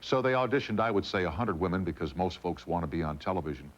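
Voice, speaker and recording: A man hosting a late-night talk show, taking calls and chatting with his guest in a gracious, brisk way. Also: low-pitched. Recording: dull broadcast audio.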